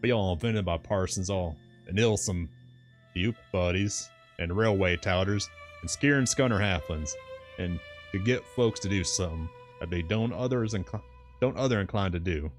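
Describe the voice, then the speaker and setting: A man reading aloud brings to life a garrulous old sailor who rants in thick country dialect. The voice sits higher than the reader's own deep tone but keeps its weight. Faint background music plays under the storybook reading. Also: moderate pace, lightly acted. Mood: scornful. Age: older. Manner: thick rustic dialect, grumbling and scornful.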